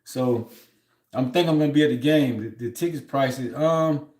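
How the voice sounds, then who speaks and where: With a mid-range, darkish voice and a moderate pace, a man hosts a livestream in a roomy-sounding space. He spins a long, rambling story that's often heated and aggrieved, inserting "you know what I'm saying" as he moves between thoughts.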